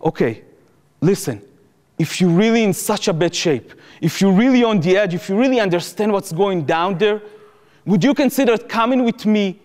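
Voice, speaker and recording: A man voicing a worried young male friend who speaks in a calm, pleading, lower tone. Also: moderate pace. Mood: urging calmly. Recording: long reverb of a hall.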